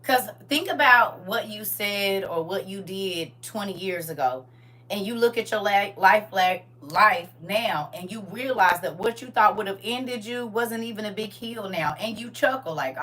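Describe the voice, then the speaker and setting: A woman's voice: mid-range voice, normal speed, slight background noise. A grandmother hosting a casual livestream, talking sassily and directly to her viewers from her phone. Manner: sassy, animated, talks straight to viewers.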